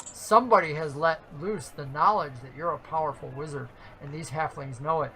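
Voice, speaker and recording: A woman narrating a tabletop game as game master, lively and playful. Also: deep voice, a little fast, low-quality recording. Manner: lively, playful, laughs often.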